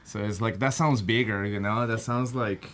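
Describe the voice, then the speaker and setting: Low-voiced man. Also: fairly even intonation, a bit bright, slight background noise. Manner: halting, many fillers and restarts. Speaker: guest guitarist. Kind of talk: casual interview chat.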